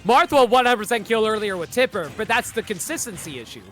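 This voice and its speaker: A man's voice: sits high, lively intonation, fast, fairly bright tone, soft background music. A man doing casual esports commentary as a regular on the stream, joking, laughing often and correcting himself mid-sentence.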